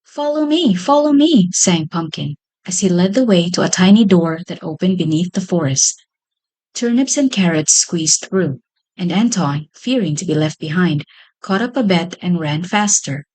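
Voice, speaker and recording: A woman's voice: lowish voice, lively intonation, moderate pace, darkish tone, low-quality recording. Woman reading a children's story.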